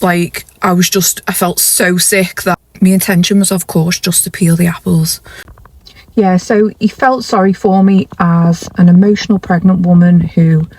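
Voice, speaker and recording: A woman's voice: lowish voice, steady tone, normal speed, darkish tone, slightly rough, no room sound. A woman, telling a personal story to camera in a rambling, confessional way with frequent restarts. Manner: rambling, self-correcting, confessional. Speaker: vlogger.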